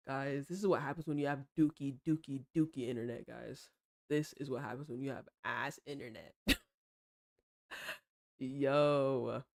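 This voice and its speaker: A woman streamer chatting casually and critiquing art, playful and slangy, teasing her chat and explaining ideas slowly. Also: very deep voice, creaky, a little mellow. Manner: explains slowly and repeats herself while drawing.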